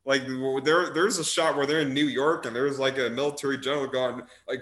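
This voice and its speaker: A young man hosting a casual movie chat in a bright, forward voice. He rambles along in amused tangents, restarting his sentences and piling up filler words as he goes. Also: medium pitch, steady tone, fairly quick, few pauses. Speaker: podcast host reviewing movies.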